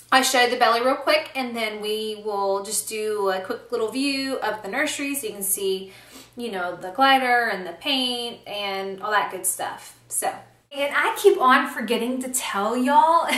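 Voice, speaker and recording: Her voice is a little high and sharp, and the sound is roomy. Filming a casual vlog on a handheld camcorder in a small nursery at home, this pregnant woman fills her chat with ums and small laughs.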